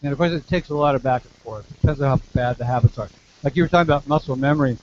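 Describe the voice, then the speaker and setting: A man's voice: mid-range voice, rapid-fire, a little mellow, muffled recording, a little hiss or hum. A man working as a vocal coach, explaining technique and demonstrating with short sung lines, repeating words as he goes. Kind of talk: teaching demonstration.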